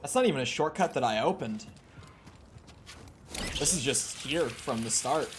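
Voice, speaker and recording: A man's voice: medium pitch, lively intonation, moderate pace. A man streaming a video game, casually reading chat aloud and reacting to the gameplay in a laid-back way.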